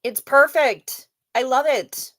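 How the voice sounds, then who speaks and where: A livestream host with a bright, crisp, high voice takes it slowly as she chats casually with her viewers. Playful and rambling, she reads their messages out and swears now and then, in close, dry sound without room echo.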